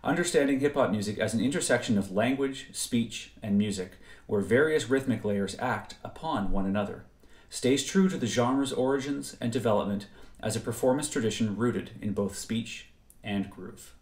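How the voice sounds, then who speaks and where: A man narrating a scripted music theory lecture in a measured, precise way. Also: mid-range voice. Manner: measured, precise explanatory delivery. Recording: roomy echo.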